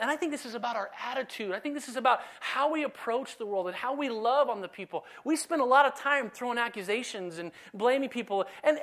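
A man preaching a sermon in a conversational, animated way, now and then dropping to a soft, low delivery. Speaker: pastor.

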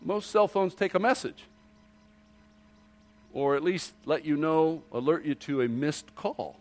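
A man preaching a sermon to his congregation, asking rhetorical questions and dropping low and quiet for emphasis. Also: expressive, unhurried. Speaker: pastor.

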